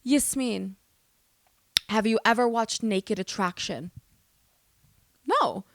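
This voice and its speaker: A young woman from the United States, hosting a podcast and telling stories in a loud, animated, swearing way. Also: a little high, slow pace, no echo, studio quality. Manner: animated, swearing, exaggerated storytelling. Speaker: podcast host. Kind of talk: casual storytelling monologue.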